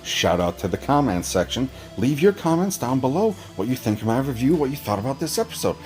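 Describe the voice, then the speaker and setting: A man recapping a TV episode in a casual, profane, animated way, sarcastic and acting out characters' lines. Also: mid-range voice, fairly quick, soft background music. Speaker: TV episode reviewer.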